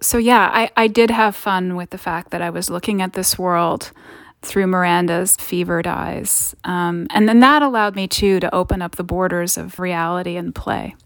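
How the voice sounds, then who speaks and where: A woman's voice: fairly low pitch, steady tone, normal speed, no room sound, clean studio sound. Reflective woman author in an interview. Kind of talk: interview conversation.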